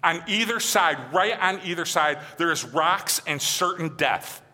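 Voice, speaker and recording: A man preaching a sermon as a pastor, emphatic and conversational, often asking his listeners "right?", and dropping to a soft, slow voice on key phrases. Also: a little high, expressive. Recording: long hall reverb.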